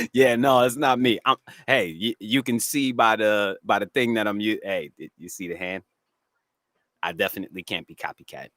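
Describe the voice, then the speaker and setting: A man with a raspy voice and a New England accent, chatting casually and laughing often on a live stream. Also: on the low side, moderate pace, a bit bright, dry recording, clean studio sound. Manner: slangy, laid-back, laughs often. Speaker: cannabis grower and streamer. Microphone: dry close mic, studio.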